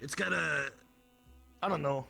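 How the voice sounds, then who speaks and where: A man guest talking in a deep, gravelly throat voice in a laid-back, swearing casual chat over a VR headset mic. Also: a little slow, pushed and bright, soft background music. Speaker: guest, streamer.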